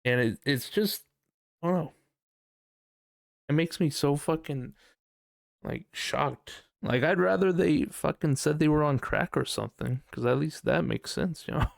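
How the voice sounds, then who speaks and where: A man's voice: a little high, a little slow, vocal fry, dry recording, clean studio sound. A young man hosting a casual podcast, ranting profanely with a lot of laughter. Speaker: podcast host.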